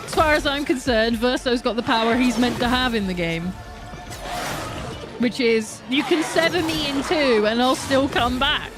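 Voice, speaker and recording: Music plays in the background as a young woman live-streams a game, talking casually with her audience. She curses and laughs while playing, speaking at a moderate pace in a high voice.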